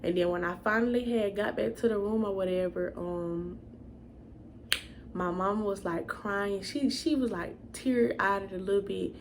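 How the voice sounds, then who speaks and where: A woman's voice: mid-range voice, a little slow, a little hiss or hum. A young woman telling a storytime vlog in a casual, chatty way, addressing viewers as y'all. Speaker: vlogger.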